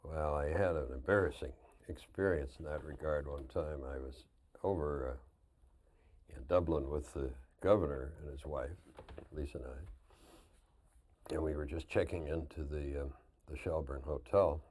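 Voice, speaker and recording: An older man telling lively anecdotes as a guest on a 1999 television interview, often laughing at his own stories. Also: extremely low pitch, unhurried. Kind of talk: casual storytelling.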